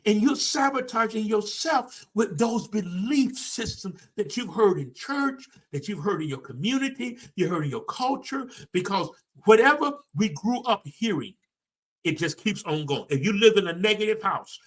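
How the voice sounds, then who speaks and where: A man's voice: high voice, bright, forceful tone. A man, a personal development coach giving a preachy, emphatic motivational talk to a livestream audience, speaking folksy and direct.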